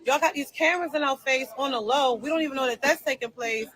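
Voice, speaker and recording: High, bright, emphatic woman venting. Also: fast talker, low-quality recording. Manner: emphatic and repetitive, heated. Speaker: livestreamer telling her side. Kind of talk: venting on a livestream.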